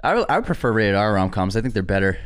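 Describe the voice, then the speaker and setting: A man's voice: lowish voice, big pitch swings. Chatty man co-hosting movie news. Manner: chatty, opinionated, quick to joke. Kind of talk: casual chat.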